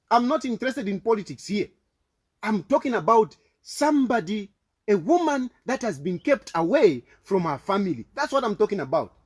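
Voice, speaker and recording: A man's voice: extremely high pitch, breathy edge. A man with a Zambian accent delivering an impassioned, repetitive political rant, accusing and fervent. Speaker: political commentator.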